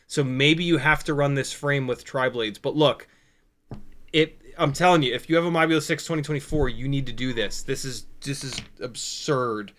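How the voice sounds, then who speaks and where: A man hosting a casual drone-hobby livestream, talking excitedly and swearing freely as he explains soldering step by step, often restarting his sentences. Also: medium pitch, moderate pace. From United States. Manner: excitable, profane, rambling with restarts. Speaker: FPV drone livestream host.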